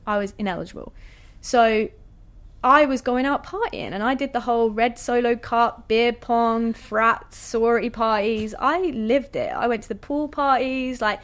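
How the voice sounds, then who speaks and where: A woman, a guest athlete telling her story in a relaxed, chatty way, full of "like" and "you know". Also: on the high side. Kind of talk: casual storytelling interview.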